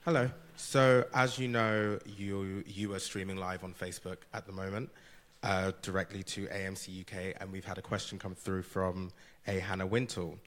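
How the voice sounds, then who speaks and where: A man's voice: low voice, flat delivery, normal speed, in a large hall. A man reading viewers' online questions aloud to a panel.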